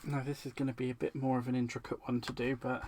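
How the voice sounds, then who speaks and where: Guy doing a live card-making stream, chatty and laughy, medium pitch, kinda noisy audio. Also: level tone, fast talker. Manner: warm, chatty, laughs often, talks to viewers. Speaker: crafting livestream host. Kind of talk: chatty live crafting demo.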